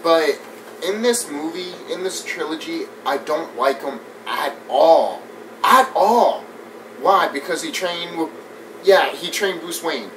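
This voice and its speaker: A man giving a casual, animated movie review rant. He swears often, laughs a lot and mimics scenes as he talks. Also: on the high side, unhurried. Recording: distant mic with faint background noise.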